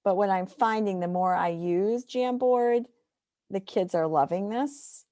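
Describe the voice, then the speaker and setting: Slow, mellow-voiced woman teacher. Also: medium pitch, dry recording, clean studio sound. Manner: patient step-by-step explaining. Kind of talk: screen-share tutorial.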